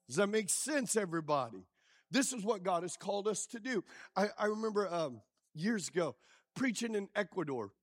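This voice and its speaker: A male pastor preaching a sermon with lively call-and-response, quizzing the congregation as he goes. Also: high voice, no echo, clean studio sound. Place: church.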